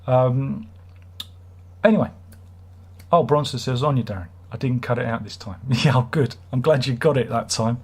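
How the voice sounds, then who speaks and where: A man's voice: medium pitch, slightly rough. A man hosting a casual live stream, reading out viewer comments and joking in a rambling, self-mocking way.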